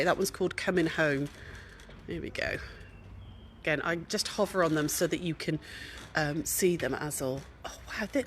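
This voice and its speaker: A middle-aged woman chats her way through a show hall, full of gushing asides. She drops into hushed, admiring tones now and then. A faint hum of background noise sits under her voice. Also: lowish voice. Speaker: craft shop host showing a quilt show. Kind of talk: casual walk-around vlog chat. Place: large indoor exhibition hall.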